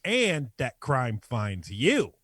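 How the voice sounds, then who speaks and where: A man co-hosting a podcast, reading a prepared comic statement in a mock-dramatic, deadpan way. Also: mid-range voice, very slow, husky, no room sound. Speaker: podcast co-host. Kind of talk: reading a prepared comedic bit.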